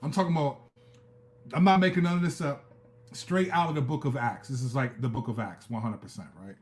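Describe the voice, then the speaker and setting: A man's voice: medium pitch, brisk. Middle-aged preacher guy, chatty, slangy, telling a story on his live stream. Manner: animated, conversational, with slang and asides. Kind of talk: casual storytelling testimony.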